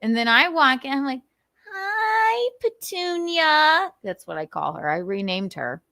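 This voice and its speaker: As a livestream host, a woman with a creaky, medium-pitched voice talks a little fast, animatedly telling stories, cursing freely and laughing a lot. The sound is clean studio audio with no room sound.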